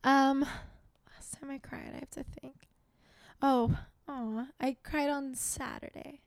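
Woman podcast co-host, high voice with vocal fry, dry close mic, emotional and chatty. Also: slow, no room sound. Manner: animated, emotional, laughs often. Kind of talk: casual chat.

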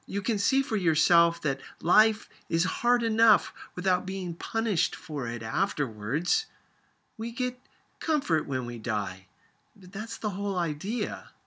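A man's voice: high-pitched, big pitch swings, slow pace, bright, forceful tone, voice pushed up, heavily acted. A man putting on a stubborn old grandmother, dry-witted. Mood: wry, exasperated.

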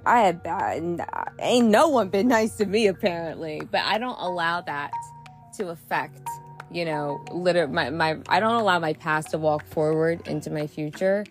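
A woman's voice: lowish voice, normal speed, faint music behind. A woman hosting a solo podcast monologue, ranting heatedly with lots of swearing and scattered, restarting thoughts. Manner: profane, rambling rant; heated and frustrated. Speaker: podcast host.

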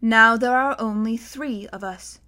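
A woman voicing a calm, commanding man. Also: fairly high pitch, measured pace. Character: calm, commanding male guardian.

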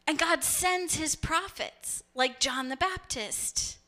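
A woman's voice: high-pitched, takes it slowly, few pauses, sharp tone. A woman pastor preaching a sermon, telling stories and acting out voices as she goes. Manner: storytelling, acts out voices.

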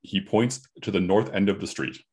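Casting: game master, man, very low voice, deliberate narration. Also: darkish tone. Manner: deliberate, halting description.

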